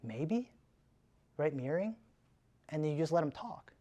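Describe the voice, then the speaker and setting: A man giving a live sales training in a casual, energetic way, often tagging his points with "right?". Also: on the high side, normal speed.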